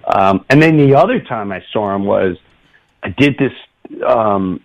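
A middle-aged man hosting a radio show, telling an animated story with laughs and quick impressions. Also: fairly low pitch, dull audio. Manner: animated, laughs often, does voices in anecdotes. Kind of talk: casual storytelling.

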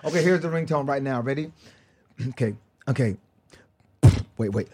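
Husky laid-back male podcast guest. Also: medium pitch, lively intonation, normal speed, darkish tone. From West Indies. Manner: laid-back storyteller, lots of fillers and laughs. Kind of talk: casual podcast chat.

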